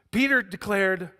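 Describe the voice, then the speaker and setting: A man's voice: high voice, pushed and bright. A man preaching a sermon as pastor, telling stories with humor and acting out the scenes. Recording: echoey church hall.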